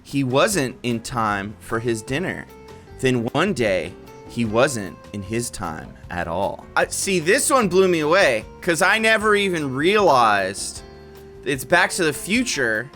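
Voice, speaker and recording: A man's voice: mid-range voice, big pitch swings, takes it slowly, sharp tone, faint music behind. A man on a comedy panel, chatting casually and telling stories in a wry way. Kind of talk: casual chat.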